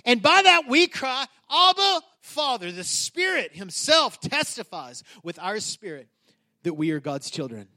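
Pastor guy in his 30s preaching, high voice, casual and emphatic, keeps restarting sentences. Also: big pitch swings, unhurried, pushed and bright. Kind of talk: sermon.

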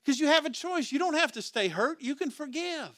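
A male pastor delivers a sermon in a high, bright voice. He speaks conversationally, firing rhetorical questions at the congregation and often restarting his phrases. The sound is dry and close. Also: lively intonation, fairly quick, no room sound.

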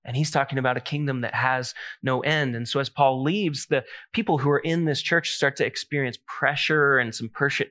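A man preaching a sermon, telling a story in a lively, animated way with many asides. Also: mid-range voice, normal speed, hardly any pauses. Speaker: pastor.

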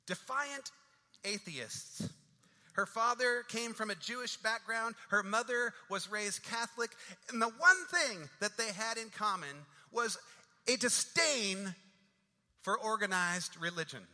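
A man's voice: sits high, lively intonation, unhurried, sharp tone. A man preaching a sermon, building dramatic rhythmic refrains that swell and fall. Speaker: pastor. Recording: long reverb of a large hall.

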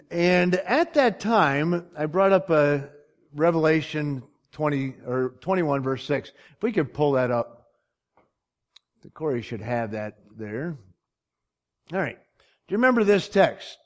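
A man with a slightly high voice preaches from the front of a church. He teaches verse by verse from slides on a screen. He keeps turning to the congregation to ask if they remember and if they follow. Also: animated, measured pace. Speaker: pastor. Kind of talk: sermon. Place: church sanctuary.

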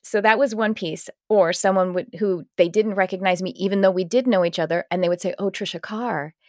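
A woman's voice: mid-range voice, fairly even intonation, fairly quick, a little mellow, no echo, studio quality. A woman hosting a podcast, chatting casually and rambling, with frequent restarts. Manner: rambling, restarts, acts out quoted voices. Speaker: podcast host.

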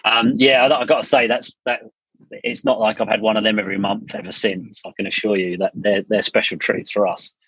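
A man's voice: fairly low pitch, level tone, brisk, a bit bright, husky, no room sound. A middle-aged English man, a studio founder, chatting casually as a podcast guest and telling stories with frequent restarts. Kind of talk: casual interview storytelling. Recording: dull lo-fi podcast audio.

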